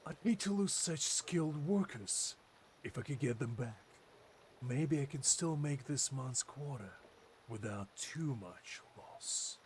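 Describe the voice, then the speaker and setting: A man's voice: medium pitch, lively intonation, takes it slowly, darkish tone, slight background noise. A man streaming a game, reading the dialogue aloud with playful, rambling asides. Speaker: gameplay streamer. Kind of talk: casual gameplay commentary, reading dialogue aloud. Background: game music.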